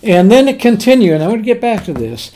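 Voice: mid-range voice, very animated, fast talker, warm tone. A preacher delivering a sermon on a parable in a folksy, conversational way, repeating key words for emphasis.

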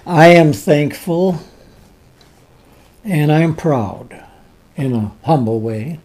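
A preacher delivers a sermon at an unhurried pace, with a warm, dark tone. The delivery is deliberate, retelling scripture and pausing for emphatic asides. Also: mid-range voice.

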